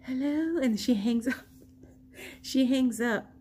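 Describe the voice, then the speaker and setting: Brief: American woman, higher voice, chatty storyteller who acts out quoted lines, faint hum behind. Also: takes it slowly. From United States. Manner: animated retelling, acting out quoted lines. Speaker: vlogger. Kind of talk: casual storytelling.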